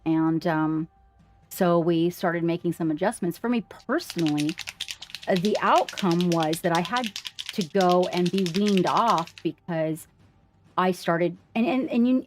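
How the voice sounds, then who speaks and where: A woman's voice: lowish voice, unhurried, over music. A woman on a livestream, earnestly sharing her story and speaking straight to the viewers in a casual way.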